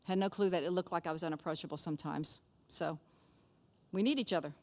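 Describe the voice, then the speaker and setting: A woman's voice: fairly low pitch, fast talker, a little hiss or hum. A middle-aged woman teaching a conversational Bible lesson in a chatty way, often checking in with her listeners.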